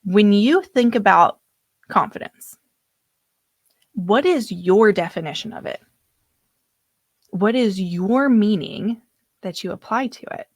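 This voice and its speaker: A woman's voice: medium pitch, lively intonation, takes it slowly, long pauses, no echo, studio quality. A woman coach teaching a live online workshop in a loose, chatty way, now and then losing her place in her notes. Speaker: personal development coach.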